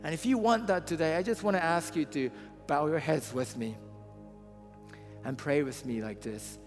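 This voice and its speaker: A man preaching a sermon, telling a story and then building to loud, impassioned appeals. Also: a little high, normal speed. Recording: long hall reverb, faint music.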